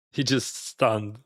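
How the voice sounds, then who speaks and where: A man's voice: on the low side, fairly bright tone, no echo. Man, Russian accent, casual poker-stream chatter, laughs a lot, dry close sound. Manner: laughs often, chatty, loose with grammar. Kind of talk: casual chat while playing online poker.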